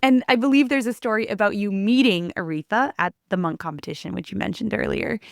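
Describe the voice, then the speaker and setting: A woman's voice: medium pitch, brisk, vocal fry, no room sound, clean studio sound. A woman hosting an interview, asking her guest questions and prompting his stories. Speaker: podcast host.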